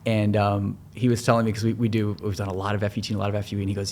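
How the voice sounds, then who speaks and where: Fast-talking gravelly-voiced male surgeon. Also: fairly low pitch, monotone, darkish tone, slight background noise. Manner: fast, thinking aloud with repeated restarts. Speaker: hair transplant surgeon. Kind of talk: expert explaining in a podcast interview.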